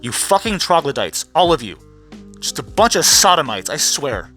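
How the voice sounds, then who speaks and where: Male vlogger, fairly high bright voice, rambling profane rant, faint music behind. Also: sing-song, normal speed. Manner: profane, rambling, restarts often. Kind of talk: ranting commentary vlog.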